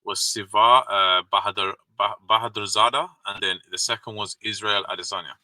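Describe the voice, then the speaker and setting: A man co-hosting a casual fight podcast, laid-back and teasing, chiming in with quick remarks. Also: lowish voice, steady tone, bright, forceful tone, poor audio. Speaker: podcast co-host.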